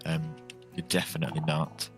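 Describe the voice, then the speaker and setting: A man's voice: extremely low pitch, level tone, normal speed, music in the background. A man chatting casually while streaming a survival game, rambling and lightly joking. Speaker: gaming streamer. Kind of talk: casual live gameplay chat.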